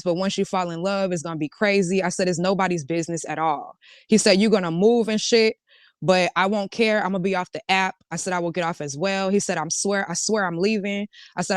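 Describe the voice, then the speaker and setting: A woman with a lowish, smooth, clear voice tells a casual storytime. She reads a chat exchange line by line, switching between "he said" and "I said". Her voice sounds dry and close. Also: no echo. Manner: recounts a back-and-forth, switching between "he said" and "I said". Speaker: storytime vlogger.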